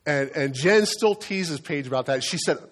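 A middle-aged man preaching a sermon as a pastor, telling stories in a relaxed, conversational way and often repeating words as he goes. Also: a little high, moderate pace.

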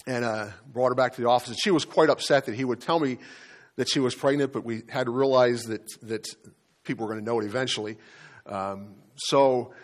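Earnest male pastor telling a story. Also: medium pitch. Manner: earnest, halting storytelling with restarts. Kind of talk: sermon with personal story. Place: church.

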